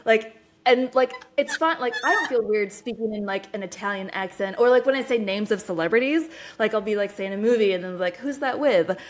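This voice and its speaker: A woman with an American accent hosts a podcast in an easy, chatty manner. She strings thoughts together with quick asides and filler words. Her voice sits at an ordinary middle pitch. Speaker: podcast host. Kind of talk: casual podcast conversation.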